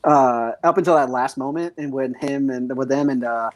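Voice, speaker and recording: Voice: mid-range voice, fairly even intonation, normal speed, a crowd in the background. A speaker in a casual podcast conversation, rambling on tangents with many fillers. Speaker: podcast guest.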